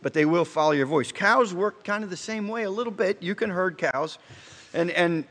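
A man's voice: high voice, fairly bright tone. Man preaching in a reverberant hall. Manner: conversational storytelling with rhetorical questions; halting restarts, slows for emphasis. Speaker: pastor. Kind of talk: sermon.

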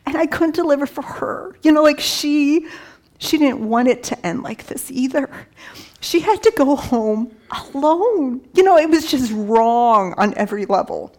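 A woman's voice: high-pitched, lively intonation, a little slow, darkish tone. Emotional woman telling a personal story. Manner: emotional, conversational storytelling with quoted dialogue; many fillers like "you know" and "like". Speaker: speaker giving a personal testimony. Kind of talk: personal testimony talk.

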